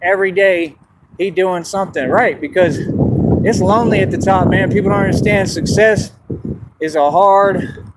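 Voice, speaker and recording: A male vlogger from Texas swaggers and brags directly into the camera, circling back over the same points and constantly checking "you understand?" He speaks at a moderate pace in a high voice, with heavy noise behind him.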